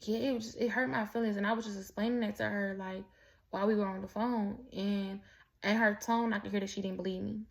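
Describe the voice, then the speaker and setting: This is a casual storytelling monologue from a woman vlogger of Mexican heritage, candid, profane, and wandering, with plenty of restarts and asides. She talks fast, with vocal fry, in a mid-range voice and fairly even intonation.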